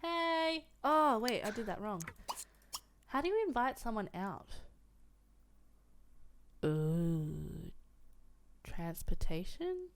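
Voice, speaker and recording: A woman's voice: fairly high pitch, big pitch swings, takes it slowly, long pauses, clear, resonant tone. A woman giving casual, giggly let's-play commentary, thinking aloud as she goes. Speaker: gameplay commentator.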